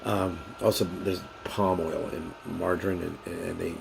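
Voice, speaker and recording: A man's voice: sits low, steady tone, a little slow, gravelly, background noise. A man talking casually in a rambling vlog monologue, repeating himself and restarting sentences often. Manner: rambling, repetitive, many restarts and fillers. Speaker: vlogger.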